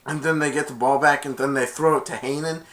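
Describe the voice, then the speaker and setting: A man casually retelling a movie plot as a reviewer, stringing events together with "and then" and jumping into loud high-pitched character quotes. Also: steady tone, quick pace.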